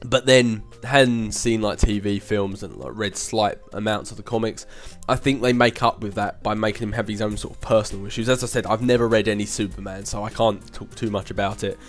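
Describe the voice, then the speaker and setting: Hardly pausing, a young man with a lowish voice and steady tone moves fairly quickly through a casual Q&A for his channel. Soft music plays behind his chatty, rambling answers, which are peppered with laughs and filler hums.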